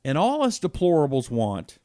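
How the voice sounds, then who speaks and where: A man in his fifties hosting a political talk show, reading viewer comments and reacting with indignation, dropping to a hush and then rising loud. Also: a little high, huge pitch swings, normal speed, no echo, clean studio sound. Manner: heated and indignant, swings from hushed to loud.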